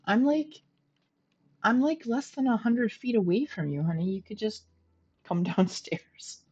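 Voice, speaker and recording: A woman's voice: fairly high pitch, expressive, unhurried, a little mellow, slightly rough, highs cut off. A middle-aged woman streaming a game from home, chatting casually, laughing often and poking fun at herself. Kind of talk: casual gameplay commentary.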